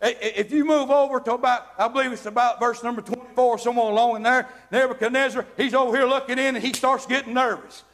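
A man's voice: very high-pitched, fairly even intonation, quick pace, hardly any pauses. A man preaching an evangelical sermon, folksy and calling out to the congregation. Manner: folksy, calls out to the congregation, builds to shouting.

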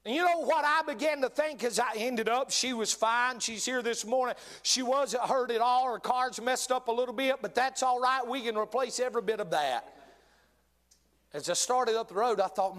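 A middle-aged man preaching a sermon, swinging between loud bursts and hushed, drawn-out words. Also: extremely high pitch. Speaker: pastor.

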